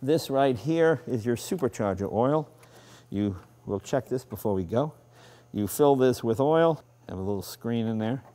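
Warm and animated, this man's mid-range voice runs a little slow as he hosts a car show in his Boston accent. He enthusiastically tours a classic car in a garage, then outside, keeping it chatty and self-deprecating.

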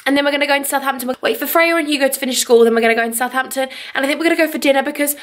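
A young woman talks to her vlog camera in her living room. Her voice sits a touch high, and she gushes with upbeat emotion, a little teary as she goes. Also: racing, hardly any pauses, a bit bright. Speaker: vlogger. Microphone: handheld vlog camera.

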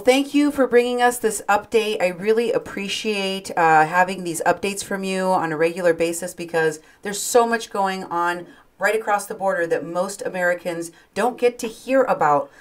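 A woman hosting a radio talk show, speaking in a polite, measured and steady way. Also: lowish voice.

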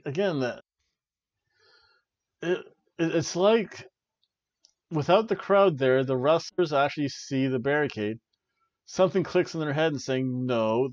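A man's voice: medium pitch, expressive, unhurried, long pauses, no echo. Enthusiastic man reviewing wrestling. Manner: enthusiastic, rambling, many restarts. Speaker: podcast co-host, wrestling reviewer. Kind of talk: casual review chat. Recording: dry, slightly muffled home recording.

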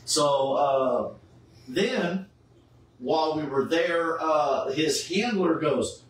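Taking it slowly in a slightly high voice, the charity Superman cosplayer, a middle-aged man, tells a story casually and with animation, acting out those he quotes. The room echoes, he's far from the mic, and faint noise sits in the background.

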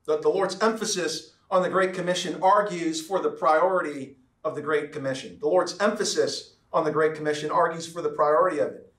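A man preaching a sermon as pastor, emphatic and repetitive, slowing down to stress key words. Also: a little high, steady tone, fairly bright tone, reverberant, far from the mic. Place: church sanctuary.

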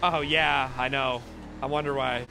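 A man's voice: medium pitch, fairly even intonation, measured pace, background noise. A man bantering in character during a game roleplay, teasing and laughing often. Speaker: roleplay streamer.

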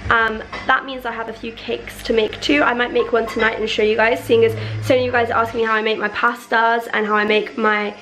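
A woman's voice: a little high, flat delivery, fast talker, hardly any pauses. A young woman in her twenties, chatting casually and playfully to the camera at home. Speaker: vlogger. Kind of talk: casual chat.

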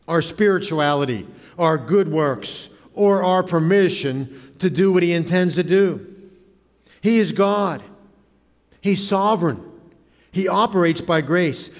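A man preaching a sermon as pastor, dramatic, acting out the voices he quotes. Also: high voice. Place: church sanctuary. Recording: church hall reverb.

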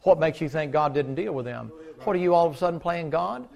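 Man, pastor, slightly high voice, dramatic sermon that jumps from yelling to low sarcasm. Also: quick pace, creaky. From United States. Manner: dramatic, swings from shouting to mocking mutters. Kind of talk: fiery sermon. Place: church sanctuary.

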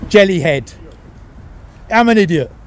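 A man with a very high-pitched voice shouts taunts outdoors. He mocks and goads, calling names in a jeering sing-song way. It sounds like he is filming on a handheld camera outside. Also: lively intonation, measured pace, a little hiss or hum. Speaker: YouTube auditor filming. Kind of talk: confrontational street filming. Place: outdoors by an office building.

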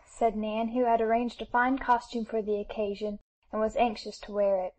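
A woman reads an audiobook of a classic novel in steady, even storytelling. Her voice sits slightly high. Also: moderate pace, poor audio. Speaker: audiobook narrator. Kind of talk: scripted narration of a classic novel.

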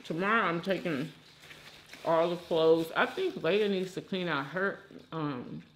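A woman's voice: fairly low pitch, a little slow, slight background noise. A woman hosting an eating show, chatting casually and effusively and talking straight to her viewers. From United States. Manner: animated and effusive, talks straight to viewers as "y'all".

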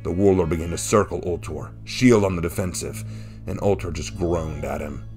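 A man narrating a fan-written action story in a steady, dramatic reading. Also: deep voice, normal speed. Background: faint background music.

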